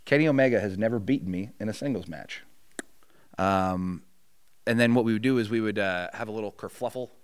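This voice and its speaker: A middle-aged man with a low voice tells a story in casual conversation, swearing often and acting out the other people in it. The sound is dry and close. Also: fairly quick, smooth, no room sound. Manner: profane, animated storyteller acting out quotes. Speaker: podcast guest.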